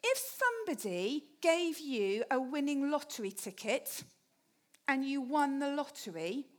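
High-voiced woman preaching chattily. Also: very animated, unhurried. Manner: chatty, humorous, asks the congregation questions. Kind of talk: sermon.

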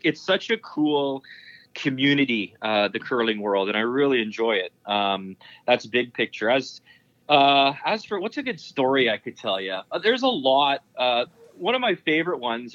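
A man who works as a sports broadcaster tells rambling, enthusiastic stories in an interview, full of fillers and restarts. His voice sits at an ordinary pitch for a man. The audio is dry and slightly dull. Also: sing-song, moderate pace, fairly bright tone, no room sound. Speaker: curling broadcaster. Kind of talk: casual anecdote telling in an interview.

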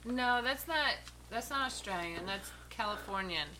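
A young woman from the US East Coast co-hosts a podcast, swapping stories in casual chat and laughing easily. Her medium-pitched voice is expressive, pushed and bright, with a little hiss or hum on the recording.

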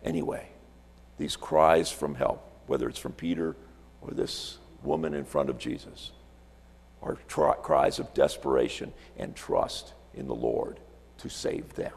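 A man's voice: extremely low pitch, unhurried, vocal fry, breathy edge, in a large hall. A man preaching a sermon as a visiting pastor from Alaska, telling stories, repeating words and asking rhetorical questions in a church sanctuary.

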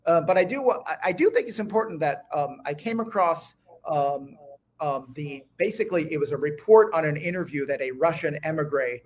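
A man's voice: on the high side, lively intonation, normal speed. A man speaking as a guest historian in an interview, eager and talking in bursts with many restarts. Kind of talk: conversational interview.

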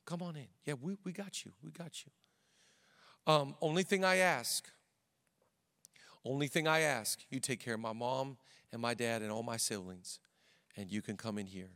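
A man's voice: mid-range voice, moderate pace, pauses often, fairly bright tone, in a large hall, lightly acted. A man preaching voices a bold young woman, casual and welcoming as she offers to hide guests. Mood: hushed. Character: bold young woman, eager host hiding spies.

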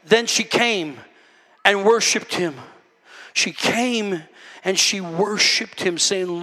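A man's voice: sits high, measured pace, sharp tone. A man preaching a sermon, fervent and emphatic, with folksy asides to the congregation. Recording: echoey church hall.

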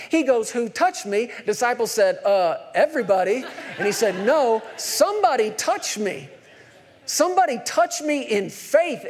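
A man with a notably high voice delivers a sermon. He retells the stories with energy and acts out the quoted speech. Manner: animated storytelling, acting out quotes. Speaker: preacher.

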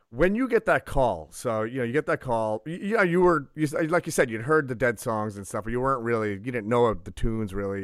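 A man's voice: medium pitch, a bit bright, dry recording, studio quality. A man hosting a podcast, asking long, rambling questions full of fillers. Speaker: podcast host. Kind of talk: casual interview.

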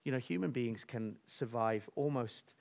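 A man preaching a sermon, telling stories with animated energy and dropping to soft near-whispers for emphasis. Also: mid-range voice, moderate pace, creaky.

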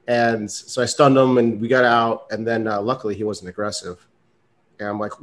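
A man's voice: mid-range voice, fairly even intonation, a little fast. Easygoing man telling a story. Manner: loose storyteller, laughs often, many fillers. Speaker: podcast co-host. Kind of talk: casual podcast storytelling.

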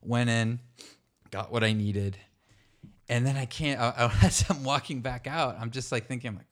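A young adult man co-hosting a podcast, telling a story in a relaxed, casual way, laughing often and swearing freely. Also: mid-range voice, normal speed. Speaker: podcast co-host. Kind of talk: casual chat.

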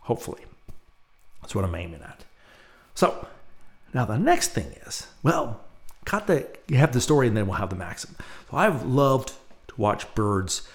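A man's voice: mid-range voice, very animated, moderate pace, long pauses. A middle-aged man hosting a podcast, telling a personal story in a rambling, self-mocking way with many fillers. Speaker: podcast host.

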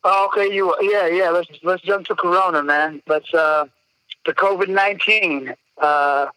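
Male guest, higher-pitched and bright, dry close mic, casual storyteller who swears freely. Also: measured pace, smooth, no echo, rough recording. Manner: blunt, swears freely, animated retelling. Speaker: podcast guest.

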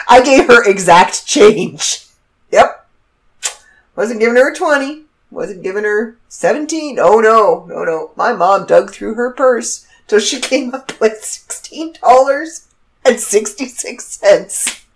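A woman hosting her own podcast, telling a story in a casual monologue. She speaks at an unhurried pace, and her pitch swings up and down as she gets animated. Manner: animated, laughs while telling a funny story. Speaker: podcast host.

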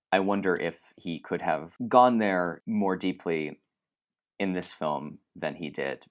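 Male critic guest, very deep voice, casual rambling analysis. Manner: thoughtful, rambling with restarts and asides. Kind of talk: conversational film criticism.

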